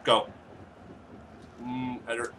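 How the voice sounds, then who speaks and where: A man streaming a football game, chatting casually, yelling at his players and swearing. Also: medium pitch, takes it slowly, distant mic, crowd noise. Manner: excitable, yells at players, swears. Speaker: gaming streamer. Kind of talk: casual gaming commentary.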